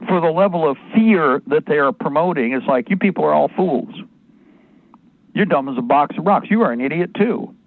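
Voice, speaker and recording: A man's voice: fairly high pitch, lively intonation, normal speed. A man hosting a live radio talk show, ranting angrily and rambling in a profane, combative way. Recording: tinny phone-like dry sound.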